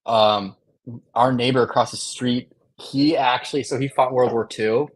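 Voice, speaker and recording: A man's voice: medium pitch, fairly even intonation, measured pace. A man from Illinois, a guest on a live stream, telling rambling stories with dry jokes and many fillers. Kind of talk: casual live-stream chat.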